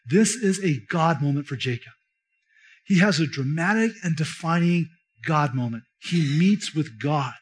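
A pastor preaches with a notably high voice for a man, talking through scripture in a conversational style. He stresses his key points with emphasis and addresses the congregation directly. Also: expressive, unhurried. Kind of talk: sermon.

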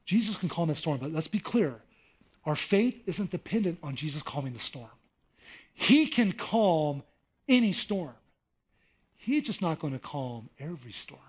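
A middle-aged man preaches in a high, light voice. He talks the way a pastor talks to his congregation, in an easy conversational tone, then pushes into animated emphasis to land his points. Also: a little fast, breathy edge. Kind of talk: sermon.

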